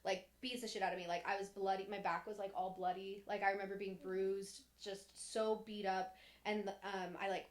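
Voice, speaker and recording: A woman's voice: medium pitch, flat delivery, moderate pace. A young woman on a podcast, casually recounting her childhood in a candid, rambling way, full of "like" and restarts, sometimes voicing others in a sharper tone. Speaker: podcast co-host. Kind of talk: casual personal storytelling.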